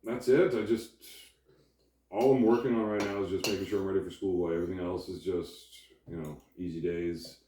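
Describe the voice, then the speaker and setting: A man's voice: deep voice, fairly even intonation, brisk, noisy background. A man as a guest in a casual chat, blunt and brash with his jokes. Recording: echoey room, distant mic.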